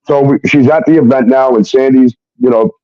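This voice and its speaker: A man's voice: medium pitch, steady tone, a little fast, no room sound. A man telling a personal story in a casual, rambling way, blunt and full of fillers and swearing. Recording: muffled dry recording.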